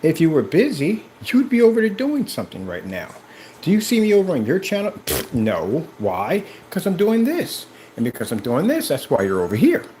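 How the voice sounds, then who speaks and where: Animated man pitching a product. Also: moderate pace, a little hiss or hum, rough recording. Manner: animated, preachy, talks straight to viewers. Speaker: product seller and presenter. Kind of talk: excited product demo vlog. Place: indoor room with projector and screen.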